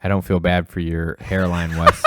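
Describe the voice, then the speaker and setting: A man's voice: low-pitched, heavy background noise. A young man co-hosting a tech livestream, chatting casually with playful, joking trash talk.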